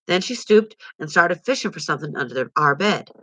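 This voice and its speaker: A woman reading a novel aloud at home in an expressive storytelling way. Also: low voice, a little fast, no echo. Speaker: reader.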